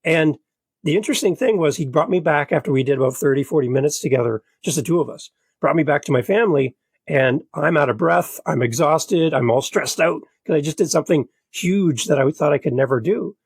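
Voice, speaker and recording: A middle-aged man with a slightly raised pitch and a husky, breathy edge tells a story in an animated, earnest way. His voice is recorded close and dry, with no room sound. He talks like a motivated podcast guest. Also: fairly quick, no room sound. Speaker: podcast guest and show host. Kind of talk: conversational storytelling.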